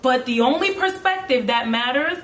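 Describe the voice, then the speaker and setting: Twenties woman guest from Brooklyn, higher voice, blunt and lively, echoey room. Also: moderate pace, recorded from a distance, slight background noise. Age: 20s. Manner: animated, blunt and profane, laughing often. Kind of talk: casual chat.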